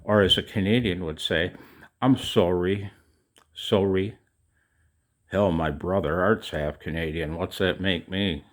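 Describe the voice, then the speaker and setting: Talking casually to his audience, this middle-aged man who makes videos rambles on with plenty of swearing and self-mockery. His voice sits low and a bit bright, with fairly even intonation, a normal speed, and hardly any pauses.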